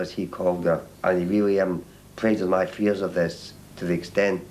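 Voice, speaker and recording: A man recounts his experience in an archival interview, stopping and restarting his sentences often. His voice sits somewhat low, with a faint hiss beneath it. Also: flat delivery, a little mellow, low-quality recording. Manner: halting, repeats and restarts words.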